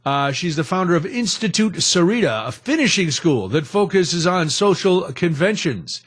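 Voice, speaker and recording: A man's voice: high voice, big pitch swings, moderate pace, fairly bright tone, slightly rough. A middle-aged man hosting a talk radio show, chatting in a rambling, self-deprecating way. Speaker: radio host.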